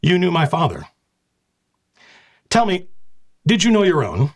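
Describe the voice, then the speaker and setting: A man voicing a proud, resolute noblewoman leader in a tabletop game, speaking gravely and defiantly. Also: fairly high pitch, wildly swooping pitch, a little slow, pitched above the performer's own voice, heavily acted. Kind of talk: tabletop game role-play.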